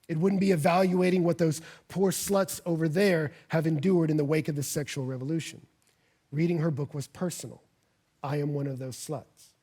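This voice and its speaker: Male pastor, husky tenor, earnest sermon delivery with emphatic swells. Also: fairly high pitch, fairly even intonation, moderate pace. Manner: earnest, builds to loud emphatic peaks when reading scripture. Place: church.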